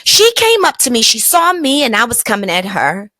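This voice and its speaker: Woman, podcast host, high voice, swooping lively pitch, emphatic and colloquial storytelling. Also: moderate pace, no room sound. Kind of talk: motivational storytelling monologue.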